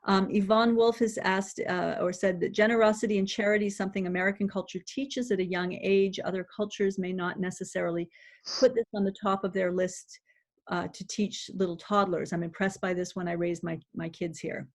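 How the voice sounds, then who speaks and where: A woman's voice: mid-range voice, fairly even intonation, a little fast. A woman moderating a webinar, politely reading out audience questions and comments, a little hesitant. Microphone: video call.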